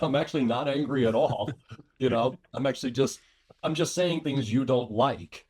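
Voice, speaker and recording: A relaxed man from New York chatting as a podcast guest, with an ordinary mid-range pitch. He swears freely and keeps an easygoing tone, laughing through his points. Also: normal speed, slightly rough. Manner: laid-back, profane, laughs often. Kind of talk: casual podcast conversation.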